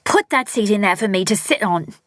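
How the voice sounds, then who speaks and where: A woman voicing a sharp, plain-spoken young woman who barks orders in a storybook reading. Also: medium pitch, lively intonation, moderate pace, slightly rough, dry recording, clean studio sound, voice pushed up. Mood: snappish. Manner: sharp, commanding.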